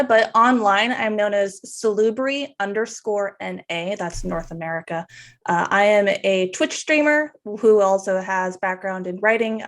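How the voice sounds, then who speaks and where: A woman introducing herself as a player in a tabletop game stream, talking in a loose, chatty way. Her voice sits at a middling pitch. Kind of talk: casual introduction chat.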